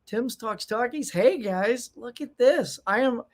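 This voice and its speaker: A man hosting a casual live stream from home, chatting excitedly and greeting viewers by name. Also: extremely high pitch, unhurried. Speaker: channel host. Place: home room.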